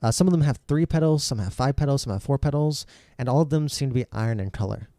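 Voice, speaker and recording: A man's voice: medium pitch, fast talker, mellow, no echo, clean studio sound. A man narrating a tabletop game as game master, rambling with lots of fillers and restarts.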